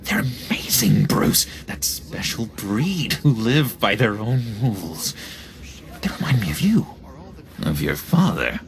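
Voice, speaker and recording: Clingy unstable ex-inmate, slow drawl, wild pitch swings, game voice. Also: male voice, very animated, gravelly, heavily acted. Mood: eager. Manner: erratic, whispery, swings from pleading to threatening. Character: unstable, clingy man, ex-asylum inmate with sudden menace. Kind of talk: video game voice acting.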